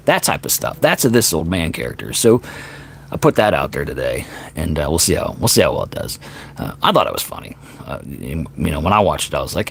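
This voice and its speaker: A man's voice: low-pitched, wildly swooping pitch, a little fast, gravelly, slightly rough. A man in his fifties, a singer-songwriter hosting a livestream, chatting casually and rambling, often correcting himself mid-sentence. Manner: rambling, self-correcting storyteller.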